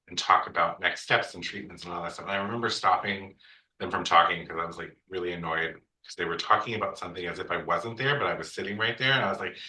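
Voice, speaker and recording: Frank, sassy man with a bright voice. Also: sits low. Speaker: podcast guest. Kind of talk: candid personal storytelling. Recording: echoey room, distant mic.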